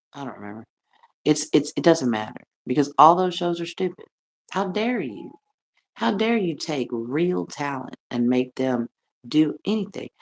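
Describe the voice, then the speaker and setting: A middle-aged American woman ranting on her livestream, brash and profane, laughing often and swinging between loud and soft. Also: extremely low pitch. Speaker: livestream host. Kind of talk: rambling livestream rant.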